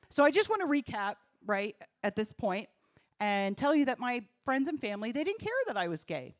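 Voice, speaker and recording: A woman's voice: a little high, big pitch swings, moderate pace, no echo, studio quality. A woman from New doing stand-up comedy on a comedy club stage, punchy and self-deprecating, talking straight to the crowd. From New Jersey.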